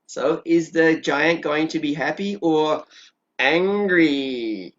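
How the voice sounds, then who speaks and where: A kindergarten teacher patiently walks small children through a story and prompts them to repeat words. Her voice is low and she talks very slowly. The recording sounds dull and lo-fi.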